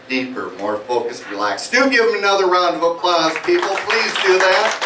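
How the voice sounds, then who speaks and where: A man's voice: a little high, bright, forceful tone, slight background noise. A man working as a stage hypnotist, playfully guiding volunteers through suggestions at a live comedy show in a small bar. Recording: echoey bar from far off, music behind.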